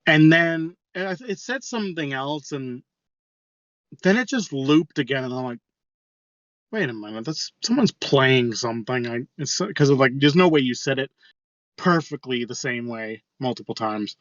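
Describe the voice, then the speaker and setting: A man co-hosting a casual podcast tells a rambling story. He swears freely in an average-pitched voice. The recording is dry and a little dull. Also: animated, normal speed, fairly bright tone, dry recording. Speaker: podcast co-host. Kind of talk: casual chat.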